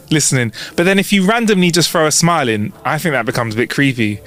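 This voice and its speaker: A man's voice: fairly high pitch, very animated, a little fast, a bit bright, soft background music. A man hosting a podcast, telling stories in a loose, jokey way with frequent laughs. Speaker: podcast host. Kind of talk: casual chat.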